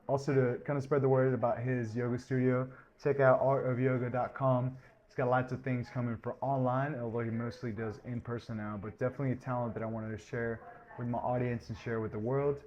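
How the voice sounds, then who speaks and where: A man's voice: medium pitch, a little mellow. Male podcast host, casual rambling intro, slightly muffled recording with faint hiss. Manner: chatty and rambling, many fillers.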